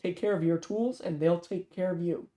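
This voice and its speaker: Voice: medium pitch, normal speed, close to an everyday voice. A reader doing a cool, menacing killer woman. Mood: dry. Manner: calm, dry, matter-of-fact threats. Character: cold, menacing female killer.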